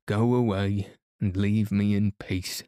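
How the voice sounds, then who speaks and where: A man's voice: lowish voice, steady tone, slow pace, warm tone, clear, resonant tone, no room sound, clean studio sound. A man voicing a sulky, whiskered sand-fairy creature that scolds and grumbles as it speaks in a storybook reading. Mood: cross.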